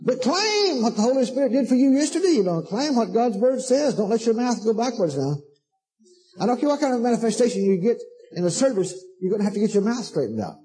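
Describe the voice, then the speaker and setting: A man's voice: extremely high pitch, big pitch swings, quick pace, dark tone, breathy edge, low-quality recording. A man preaching a sermon to a congregation, fervent and emphatic, repeating himself and calling listeners "honey".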